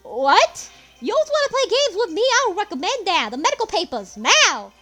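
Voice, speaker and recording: A menacing male loan shark thug snarls and barks threats, put on by a woman reading a game aloud. The voice sits high and swoops widely from word to word. Faint game music plays underneath. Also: sing-song, moderate pace, pushed and bright, exaggerated voice.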